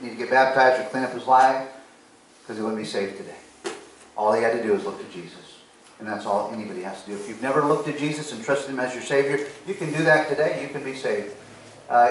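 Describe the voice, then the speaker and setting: A man's voice: medium pitch, slight background noise. A man preaching a sermon, telling a personal story in an earnest way and acting out the conversations. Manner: earnest storytelling, acts out dialogue. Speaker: pastor. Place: church sanctuary. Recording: echoey church from a distance.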